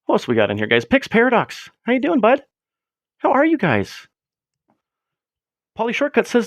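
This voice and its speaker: Gravelly, animated male streamer. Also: very high-pitched, normal speed, pauses often, no room sound, studio quality. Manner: joking, rambling, sarcastic asides. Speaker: livestream host. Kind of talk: casual livestream chat. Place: room at home.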